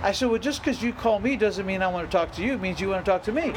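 A middle-aged man preaches in a high-pitched voice, driving his points home with repetition and rising emphasis. He speaks as a pastor delivering a sermon. A faint noise sits under the recording. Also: quick pace. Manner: emphatic preaching with repeated phrases and rising outbursts.

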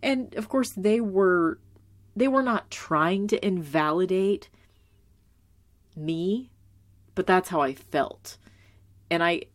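Young woman, low voice, casual earnest commentary, emotional, filler-heavy. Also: slow, pauses often. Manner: emotional and earnest, close to tears; heavy use of filler words like "like". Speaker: tv show commentator.

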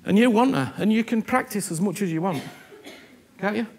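Husky, animated preacher. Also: male voice, high-pitched, moderate pace. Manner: animated, earnest, repeats himself, keeps asking "you understand me?". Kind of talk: sermon.

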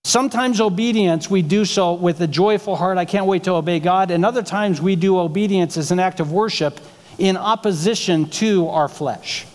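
A male pastor delivers a sermon in a church sanctuary, talking with the room and tossing out rhetorical questions. His voice sits high for a man. A long reverb trails behind his words. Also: normal speed. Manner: conversational preaching with rhetorical questions.

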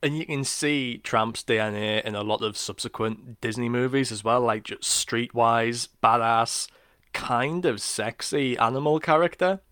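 A man's voice: mid-range voice, measured pace, a bit bright, clean tone, no room sound, studio quality. A man co-hosting a podcast, easygoing, sharing film trivia. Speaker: podcast co-host. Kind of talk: casual film discussion.

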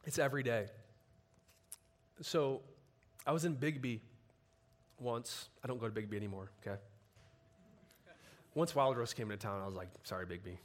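A man preaching a sermon, telling stories in a relaxed conversational way and building to emphatic passages. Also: mid-range voice, normal speed, long pauses. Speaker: pastor.

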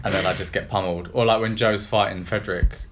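Young guy, low voice, jokey podcast co-host. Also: steady tone, fast talker, slight background noise. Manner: jokey, laughs through his stories. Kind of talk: casual chat.

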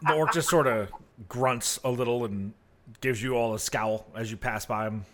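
A man's voice: mid-range voice, moderate pace, heavy background noise. A man running a tabletop game as game master, narrating casually with many fillers and restarts. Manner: casual, rambling, full of fillers.

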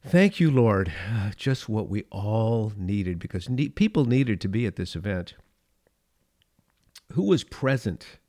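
An older man hosting a devotional podcast, telling a family story in a relaxed way and reading scripture aloud slowly. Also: on the low side, no room sound, clean studio sound. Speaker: podcast host.

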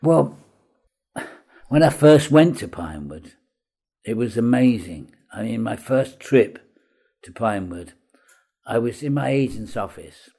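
Older male raconteur, husky and gravelly, lively storyteller who mimics the people he quotes. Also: mid-range voice, measured pace, long pauses. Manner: chatty raconteur, acts out quoted voices, laughs at own stories. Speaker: comedy actor guest. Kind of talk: anecdotal interview storytelling.

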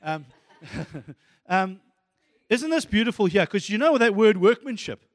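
Male pastor, high-pitched, animated sermon, dry close mic. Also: unhurried, no echo, long reverb tail. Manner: animated, excitable preaching with sudden soft asides.

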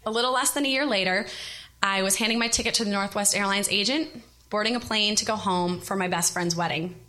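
A woman in her thirties telling a personal story to an audience, animated, expressive and self-deprecating. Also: mid-range voice, fairly quick.

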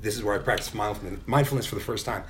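A man's voice: fairly low pitch, very fast, background noise. A middle-aged man telling a personal story in a casual podcast chat, candid and full of swearing. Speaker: podcast guest.

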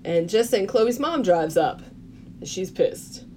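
A woman on a podcast walks her co-hosts through a film's plot in a relaxed, chatty way. She laughs often as she retells the scenes. Her voice sits at a middling pitch, with a faint hum of ambience behind it. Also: slow. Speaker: podcast co-host. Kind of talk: casual film recap.

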